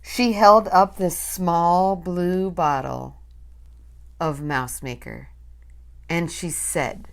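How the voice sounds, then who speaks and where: A woman reading a storybook aloud, with slow, dramatic, breathless storytelling. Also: on the low side, steady tone, vocal fry. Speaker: reader.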